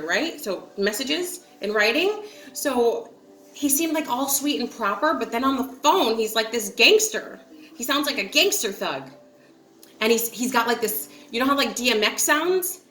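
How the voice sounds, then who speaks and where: A bright, fairly high-voiced woman from upstate New York tells a personal story straight to camera. She is chatty and giggly, and she keeps breaking into quoted lines full of likes and ums. The sound is roomy, with echo off hard walls. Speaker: vlogger.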